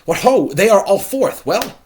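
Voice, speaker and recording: A man reading the part of an excitable, blustering older nobleman father in a loud, emphatic, raised voice. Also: fairly high pitch, a little slow, a little hiss or hum, pitched above the performer's own voice. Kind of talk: dramatic reading of verse.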